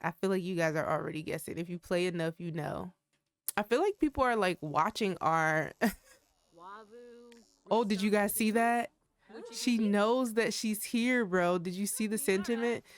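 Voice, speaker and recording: A woman's voice: mid-range voice, moderate pace. A young adult woman giving casual, chatty commentary while playing a life-sim game, talking straight to her viewers. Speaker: gaming creator.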